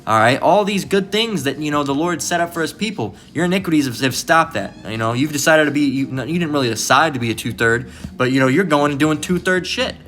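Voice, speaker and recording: A man's voice: on the high side, animated, fast talker, few pauses, fairly bright tone. A man giving informal Bible commentary, rambling and repetitive, cursing freely and tagging his points with questions to the listener. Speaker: preacher.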